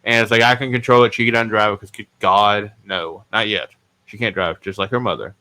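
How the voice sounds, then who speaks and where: A man's voice: on the low side, brisk, sharp tone. A man hosting a podcast, telling stories in a casual, rambling, self-mocking way and swearing freely. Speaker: podcast host.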